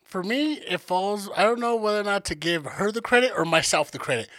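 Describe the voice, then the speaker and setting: Male podcast co-host, high and animated voice, joking boastful banter. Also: brisk, no echo. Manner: joking, boastful, deadpan teasing. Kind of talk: casual podcast chat.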